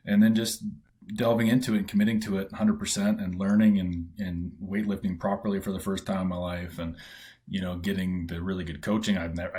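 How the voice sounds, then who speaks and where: Deep-voiced Canadian man telling stories. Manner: animated retelling, acts out quoted voices, many fillers. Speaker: guest, former pro baseball player. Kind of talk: casual storytelling.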